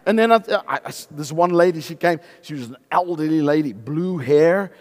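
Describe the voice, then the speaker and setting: A man preaching a sermon, emphatic, swinging between loud exclamations and low, intense passages, with frequent hallelujahs. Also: moderate pace.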